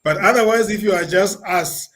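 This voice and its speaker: A man's voice: sits high, normal speed, a bit bright, poor audio. A man hosting an online interview, speaking reflectively and repeating words as he thinks. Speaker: interviewer host.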